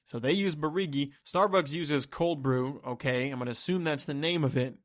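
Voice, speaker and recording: Brief: male solo podcaster, fairly high voice, profane exasperated rant, dry close mic. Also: normal speed, dry recording.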